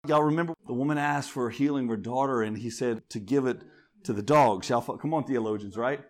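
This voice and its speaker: A pastor with a mid-range voice preaches at a brisk clip, calling out to his congregation in call-and-response fashion. His sermon builds toward fervent, shouted peaks.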